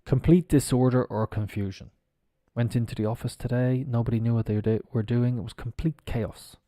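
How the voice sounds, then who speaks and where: A middle-aged Irish man leads a live English pronunciation class. His voice is mellow and sits at a middle pitch, heard close and dry with no room around it. He explains patiently, drawing sounds out and spelling words letter by letter. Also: steady tone, a little fast, dry recording. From Ireland. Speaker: English teacher. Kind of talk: live-stream pronunciation lesson.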